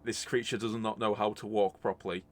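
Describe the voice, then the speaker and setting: A man's voice: fairly low pitch, little pitch movement, fairly quick. Laid-back man running a tabletop game. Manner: rambling, filler-heavy narration. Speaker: game master.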